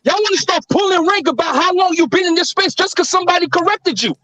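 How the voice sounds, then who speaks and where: A man with a high-pitched voice rants heatedly at his fellow panelists. He swears freely and hammers his point home. The sound is dry and close, with no room echo. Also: animated, quick pace, pushed and bright. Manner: heated, profane ranting.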